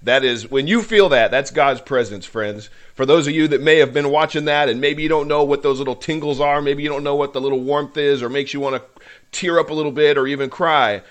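A man with a brisk, somewhat high voice hosts a podcast. Fervent and preacherly, he offers emotional commentary rooted in faith, rising with passion and occasionally getting choked up.

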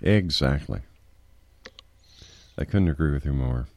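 A man's voice: extremely low pitch, expressive, unhurried, darkish tone, no echo. A man hosting an interview, agreeable and encouraging toward his guest. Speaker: interview host. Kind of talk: interview conversation.

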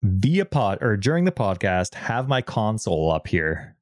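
A Canadian man with a fairly low voice chats on a gaming podcast, playful and rambling as he jumps between topics. His close, dry microphone sound has almost no room in it. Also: very animated, no room sound. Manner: playful, rambling, quick to laugh. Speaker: podcast co-host. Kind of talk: casual gaming podcast chat.

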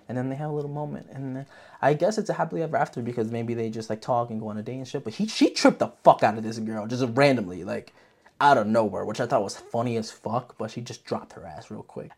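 A vlog host with a mid-range voice gives a casual movie review, talking in an animated, profane way packed with filler words.

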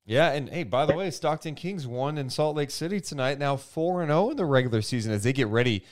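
A man's voice: mid-range voice, brisk. A man co-hosting a basketball podcast in casual, filler-heavy chat. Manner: animated, lots of fillers. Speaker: podcast co-host.

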